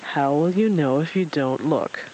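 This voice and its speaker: Reader doing a calm, amused stranger. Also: mid-range voice, measured pace, slight background noise, natural voice, poor audio. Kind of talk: storybook reading.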